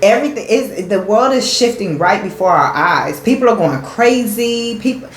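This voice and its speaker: A woman's voice: mid-range voice, animated, normal speed. A woman giving a spiritual tarot reading in a rambling, conversational way, talking straight to her viewers. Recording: echoey room with faint background noise.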